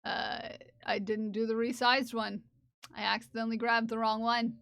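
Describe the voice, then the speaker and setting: A woman's voice: on the high side, flat delivery, normal speed, creaky, fairly bright tone, dry recording. A woman live streamer chatting casually and playfully with her viewers, often giggling and teasing. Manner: playful, giggly, talks to chat. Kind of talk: casual livestream chat.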